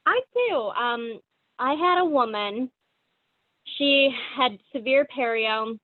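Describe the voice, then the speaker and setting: A woman's voice: sits high, animated, slow pace, no echo. Dental hygienist woman, dry tinny call audio. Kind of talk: casual interview answers.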